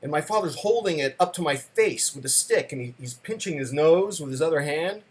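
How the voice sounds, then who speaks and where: A man telling a story from his childhood in a conversational talk, with casual fillers and slow, emphatic beats. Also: a little high, animated. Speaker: speaker telling a personal story.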